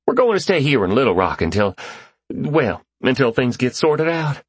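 A man's voice: very animated, normal speed, husky, no echo. A man voicing an overjoyed father leaving a phone message, his voice choked and exhilarated. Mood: grateful. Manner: choked, exhilarated voice, high and strained.

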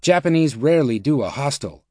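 A man's voice: mid-range voice, expressive, fast, darkish tone, dry recording, close to an everyday voice. An impatient, stubborn bank chief, as a male narrator reads his lines, pushing back hard and refusing to yield. He talks in a raised, insistent voice, recorded close and dry.

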